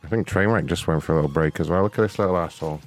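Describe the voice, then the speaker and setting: A man's voice: sits low, very fast, faint music behind. A man hosting a prank call stream in casual banter, blunt and profane as he jokes with his co-hosts. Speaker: prank call show host.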